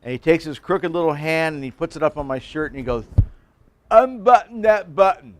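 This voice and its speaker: A man's voice: a little high, expressive, normal speed, slight background noise, natural voice. An older pastor voicing a blunt, insistent man in his thirties who gives abrupt commands and asks pointed questions. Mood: commanding.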